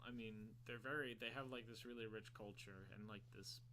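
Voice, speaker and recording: A man's voice: medium pitch, steady tone, fairly quick, crowd noise. A young man co-hosting a podcast in casual chat, hesitant and trailing off, with dry remarks. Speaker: podcast co-host.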